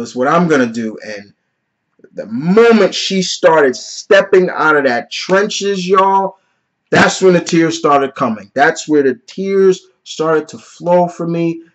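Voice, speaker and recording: A man's voice: fairly high pitch, animated, a little slow. Earnest man reviewing movies, lo-fi sound. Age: 30s. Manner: earnest and openly emotional, peppered with "you know" and "like". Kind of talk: casual vlog movie review.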